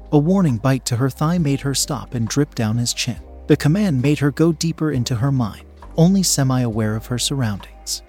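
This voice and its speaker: Husky male narrator of an adult story. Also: medium pitch, darkish tone.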